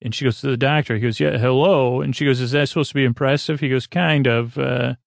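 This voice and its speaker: A man recapping a TV episode in a halting, rambling way, full of fillers and restarts, speaking softly. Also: medium pitch, steady tone, creaky, no echo. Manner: halting, many fillers and restarts, paraphrasing dialogue. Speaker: podcast host.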